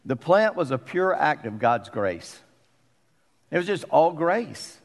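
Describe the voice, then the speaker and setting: A man's voice: a little high, very animated, takes it slowly. A middle-aged man preaching a conversational sermon as pastor, often putting questions to the congregation. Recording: long reverb of a church hall.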